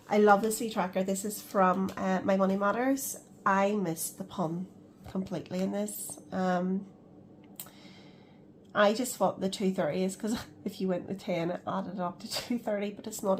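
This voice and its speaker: A woman's voice: medium pitch, steady tone, normal speed, slight background noise. A woman chatting casually in a budgeting vlog, counting cash aloud and laughing at herself. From Scotland. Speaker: budgeting vlogger.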